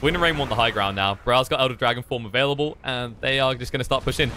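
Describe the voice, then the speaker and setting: Fast, bright British esports caster. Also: male voice, a little hiss or hum. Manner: excitable, climbs high during fights. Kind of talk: play-by-play commentary.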